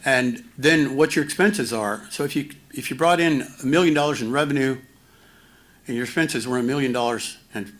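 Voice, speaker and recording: A man presenting finance slides at a community town hall, halting with many fillers and restarts and a dry, self-mocking humor. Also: medium pitch, a bit bright.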